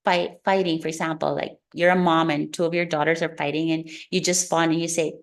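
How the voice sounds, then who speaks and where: A woman educator giving an online talk about children's emotions, lively, acting out children's and parents' lines. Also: low-pitched, a little fast. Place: online meeting room. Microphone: video call.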